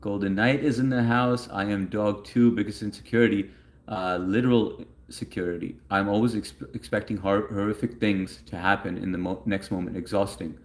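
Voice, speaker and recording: A man with a notably deep, low-pitched voice hosts a casual livestream. He chats loosely and rambles, reading viewers' messages aloud and answering them as he goes. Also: steady tone, normal speed. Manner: rambling, chatty, reads chat messages aloud. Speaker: livestream host answering chat.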